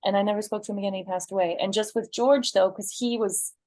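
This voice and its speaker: A woman's voice: mid-range voice, steady tone, quick pace, warm tone, no echo. A woman guest from Northern California tells personal stories in a casual interview. Her delivery is earnest and wandering. The recording is close and dry, with no room around her voice. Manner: earnest, rambling personal storytelling. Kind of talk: casual conversation.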